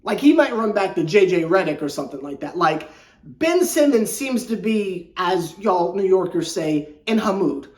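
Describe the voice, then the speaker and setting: A basketball channel host giving casual, slangy sports commentary, excitable and rambling, often stumbling and repeating words. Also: mid-range voice, normal speed. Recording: echoey room.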